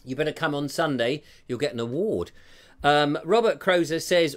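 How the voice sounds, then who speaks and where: Chatty male host reading viewer comments, self-mocking and jokey, voice a touch high for a man. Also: expressive, normal speed, a bit bright. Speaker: live stream host. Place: home room with a fire.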